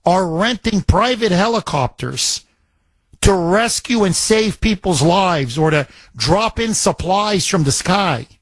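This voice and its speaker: A man's voice: high-pitched, lively intonation, slow. A man hosting a talk radio show, emphatic and repetitive, piling up phrases into a studio mic.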